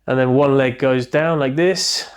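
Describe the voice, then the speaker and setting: A man's voice: mid-range voice, a little slow. A man, a chiropractor, demonstrating back exercises step by step, cueing each movement and counting down reps, his voice at times slightly strained while holding a position.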